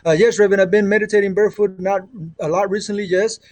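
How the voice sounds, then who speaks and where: Rambling, earnest man with a high voice. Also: fairly even intonation, fast, darkish tone. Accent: Mexican. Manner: rambling, earnest, often trails off and restarts. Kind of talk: casual spiritual livestream chat. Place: home with children nearby. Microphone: earbud headset.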